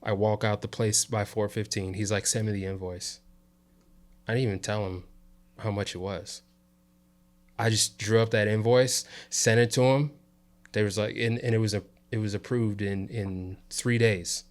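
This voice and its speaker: Low-voiced man telling a story casually. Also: steady tone, moderate pace. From South Side of Chicago. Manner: laid-back storyteller with frequent "you know" and "right?". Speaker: interview guest, videographer and coach.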